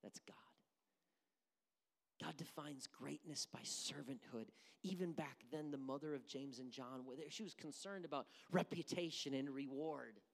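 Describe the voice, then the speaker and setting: A pastor delivering a sermon, shifting between hushed near-whispers and loud, emphatic bursts. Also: mid-range voice, normal speed, vocal fry, in a large hall.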